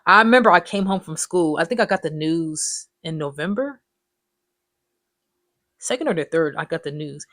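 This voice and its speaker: Casual storytime host in their twenties, slangy and profane, at a middle pitch with no room sound. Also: animated, moderate pace, long pauses, a bit bright, dry recording. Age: 20s. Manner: rambling, profane, loose slangy talk. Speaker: vlogger telling life stories.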